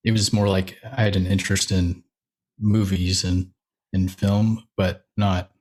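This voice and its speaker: A man's voice: deep voice, little pitch movement, unhurried, darkish tone, husky. A young man, a church media director, talking casually as a podcast guest, rambling with fillers and light laughs. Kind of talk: casual interview chat.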